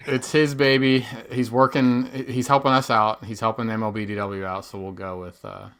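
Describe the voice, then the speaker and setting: A man hosting a sports podcast in casual chat, talking in a quick, offhand, self-amused way. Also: medium pitch, flat delivery, fairly bright tone, clear, resonant tone. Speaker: podcast host.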